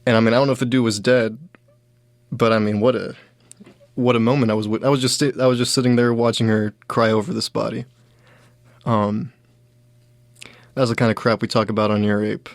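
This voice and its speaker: A man's voice: fairly low pitch, little pitch movement, a little fast, pauses often, no echo. A young adult man hosting a comedy show, telling rambling everyday stories with lots of fillers and restarts. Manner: rambling, filler-heavy, quoting others in raised voices. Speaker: comedian host. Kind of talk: casual storytelling monologue.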